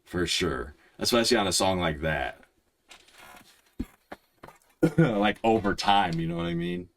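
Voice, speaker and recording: Young male reaction host, very low voice, rambling and excitable, keeps restarting sentences. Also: measured pace, slight background noise. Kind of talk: casual reaction commentary.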